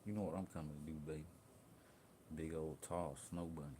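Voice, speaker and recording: A man's voice: rumbling low, steady tone, fairly quick, dark tone, a little hiss or hum. A young man talking bluntly and profanely in a rambling livestream rant, jumping between thoughts. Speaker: livestream host.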